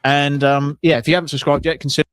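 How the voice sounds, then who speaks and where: Quick, joking man streamer. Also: on the high side, little pitch movement, fairly bright tone, smooth, no echo, clean studio sound. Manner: jokey, mild swearing substitutes. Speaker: streamer reacting to videos. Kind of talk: casual reaction commentary.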